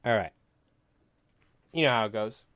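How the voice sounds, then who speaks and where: A man from New York with a New York accent, hosting a casual livestream and rambling through jokes without a pause. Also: lowish voice, a bit bright, dry recording. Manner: rambling, joking, talks nonstop. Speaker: livestream host.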